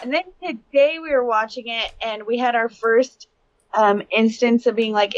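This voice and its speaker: A woman's voice: a little high, steady tone, moderate pace, muffled recording. A woman in her thirties, co-hosting a casual chat, telling candid parenting stories and swearing freely. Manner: candid storytelling, swears and laughs often. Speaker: podcast co-host.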